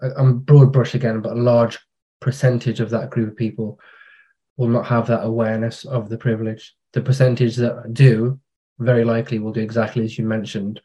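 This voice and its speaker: A man's voice: mid-range voice, flat delivery, a little fast, mellow, muffled recording. A man, a podcast guest who tells stories about his working life in a frank, chatty way. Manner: anecdotal storytelling, frank, British slang. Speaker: podcast guest, digital marketer. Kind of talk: casual conversation.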